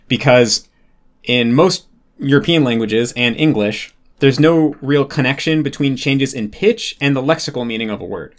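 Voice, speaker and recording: A man explaining a concept in casual talk, working through examples with frequent restarts and fillers. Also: medium pitch.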